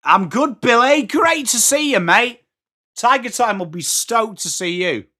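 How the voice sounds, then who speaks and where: A man from England with an English accent, hosting a live sports watchalong, chatting excitably with viewers between calls of the play. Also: very high voice, unhurried. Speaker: watchalong host.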